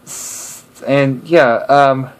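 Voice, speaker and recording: A man's voice: medium pitch, steady tone, extremely slow, clear, resonant tone. A man chatting casually to camera in a hesitant way, full of fillers and restarts.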